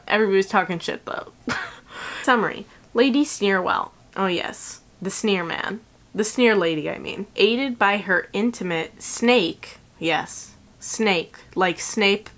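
A young woman vlogging a casual, sarcastic book review, swearing freely and acting out the characters in quick quoted voices. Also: medium pitch.

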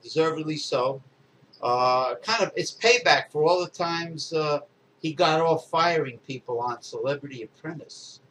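A man's voice: on the high side, unhurried, a bit bright, slight background noise, low-quality recording. A middle-aged man co-hosting a podcast, ranting angrily and swearing, with lots of fillers. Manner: angry profane ranting with many fillers. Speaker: podcast co-host. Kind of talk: casual political chat.

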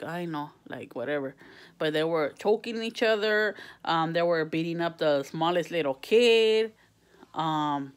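A woman venting to camera in a casual vlog, swearing and switching between English and mid-sentence, exasperated and heated. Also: on the low side. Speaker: vlogger.

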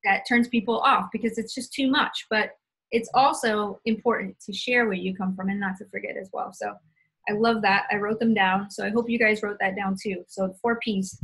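A woman's voice: mid-range voice, steady tone, normal speed, a bit bright, husky, low-quality recording. A woman co-hosting a live stream, upbeat, recapping points with an easy casual delivery. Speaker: co-host.

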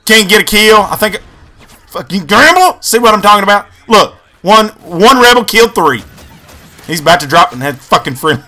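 A man hosting his gaming channel, giving excitable, profane, rambling commentary over his own gameplay. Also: high-pitched, a little fast.

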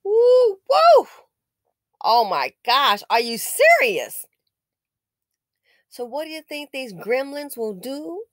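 Animated, scolding woman commentator. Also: on the high side, slow pace, pauses often, no echo, studio quality. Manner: indignant, scolding, with sarcastic exclamations. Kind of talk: casual news commentary.

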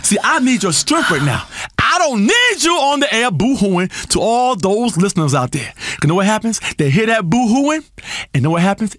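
An actor playing an erratic, self-important male radio health guru who rambles and swings between crooning and shouting. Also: sits high, no room sound, clean studio sound, heavily acted. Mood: lecturing. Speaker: radio health show host. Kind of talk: comedic radio talk show performance.

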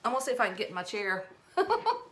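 A woman's voice: mid-range voice, very fast, bright, forceful tone. A middle-aged woman with an Alabama Southern accent, chatting and rambling casually while she demonstrates a craft project live for viewers. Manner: chatty and rambling, greets viewers, laughs at herself. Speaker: craft live-stream host.

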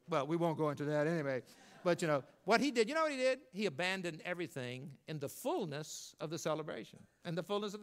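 Folksy preacher man, higher-pitched. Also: fairly bright tone. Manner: folksy storytelling, rising to emphatic then dropping low. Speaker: pastor. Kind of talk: sermon.

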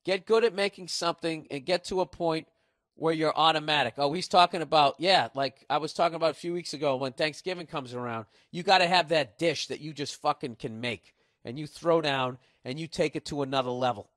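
A man's voice: fairly high pitch, fairly quick, a bit bright, no echo, clean studio sound. A middle-aged man with a Boston accent, hosting a podcast and ranting sarcastically with lots of swearing. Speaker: podcast host. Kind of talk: casual comedic monologue.

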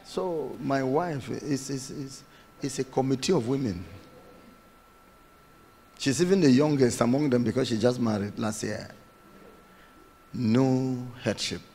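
A man's voice: medium pitch, a little slow, pauses often, mellow, husky, big-room sound. A man preaching a sermon as pastor, emphatic, repeating his phrases and acting out quotes.

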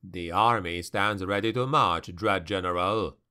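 A man voicing a terse, restrained dark elf highborn in a fantasy audiobook, lower and slower than his narration. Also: smooth. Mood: stiff.

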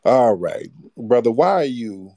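A man's voice: mid-range voice, lively intonation, measured pace, warm tone, dry recording, studio quality. A man hosting a late-night call-in show, talking bluntly in casual slang. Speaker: host. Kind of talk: live call-in radio show.

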